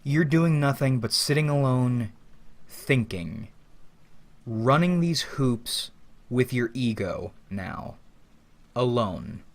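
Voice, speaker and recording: A man's voice: medium pitch, expressive, slow pace, long pauses. A man giving a rambling, philosophical spoken monologue as a vlogger, with casual profanity.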